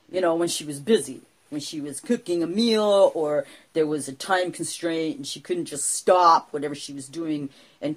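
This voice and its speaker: A woman co-hosting a podcast, telling a story casually in an animated, self-deprecating way with lots of fillers. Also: deep voice, slightly rough. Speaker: podcast co-host, storyteller in character.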